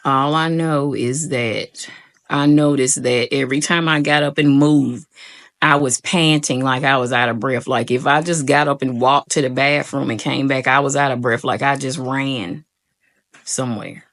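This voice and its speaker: A woman's voice: extremely low pitch, steady tone, moderate pace, fairly bright tone. A young woman telling a personal story to her viewers in a casual, rambling way, full of "like" and "y'all". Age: young adult. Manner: rambling, frequent "like" fillers, addresses viewers as y'all. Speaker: vlogger.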